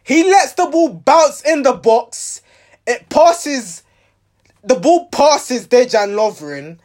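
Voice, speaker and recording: A man's voice: very high-pitched, lively intonation, slow pace, a little mellow. A man giving a rambling, exasperated reaction to his team's match, restarting his sentences often. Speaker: football fan reviewing a match.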